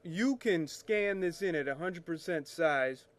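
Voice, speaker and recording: A man walks viewers through scanner settings in a loose, chatty tutorial. He talks slowly in a somewhat high voice, wanders off track and corrects himself, and throws in little jokes as he clicks around his screen. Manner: chatty, rambling, self-correcting, jokey. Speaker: photo retouching show host. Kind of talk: casual screen-share tutorial.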